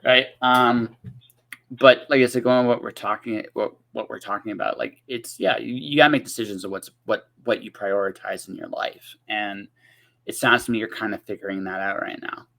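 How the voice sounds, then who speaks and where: A man hosts a relaxed interview chat with a bright, forceful tone. He rambles through his points in loose runs. He often circles back on himself and ends with "right?". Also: lowish voice, moderate pace, vocal fry. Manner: rambling, many restarts and "right?" tags. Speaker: podcast host.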